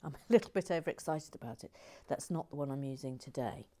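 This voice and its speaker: A woman hosting a model-building stream on a lapel mic, chatting in a rambling, self-mocking way and dropping into soft whispered asides. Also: rumbling low, quick pace. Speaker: host building a toy model. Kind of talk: casual chat while building. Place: indoors at a table.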